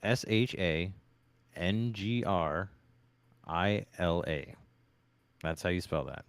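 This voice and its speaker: Male podcast host, low voice, loose joking delivery, casual live-stream chat. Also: slow pace, smooth, no room sound.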